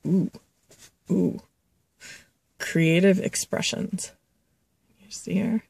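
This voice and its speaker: Slow, low-voiced woman giving a spirit reading. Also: creaky, a little mellow, slightly rough, dry recording. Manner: relays a spirit's messages, calling listeners children; chatty, laughs and coughs between thoughts. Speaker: intuitive reader.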